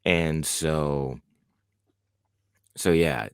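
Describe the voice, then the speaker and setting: A podcast co-host with an extremely low, creaky voice draws out his words, his tone clear and resonant in a studio-quality recording with no room sound. He chats casually and enthusiastically about a horror film, rambling and restarting often.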